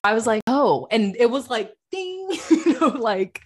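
A woman's voice: a little high, moderate pace, slight background noise. A woman co-hosting a podcast in casual, candid chat, laughing often and swearing freely. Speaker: podcast co-host.

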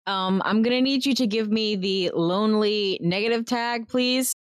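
A woman playing a tabletop game, chatting in a relaxed way and laughing easily. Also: medium pitch, moderate pace, no echo, studio quality. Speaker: player. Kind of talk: casual chat at a game table.

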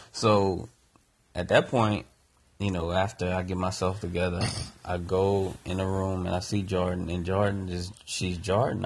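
Male podcast co-host, low husky voice, earnest reflective storyteller. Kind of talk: personal storytelling.

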